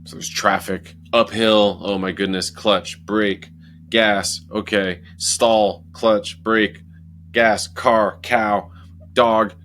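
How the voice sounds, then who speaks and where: A man telling a personal story in a casual, animated motivational talk, acting out moments as he goes. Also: on the low side, a little hiss or hum. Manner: animated, acts out his own story with lively asides. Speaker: motivational speaker.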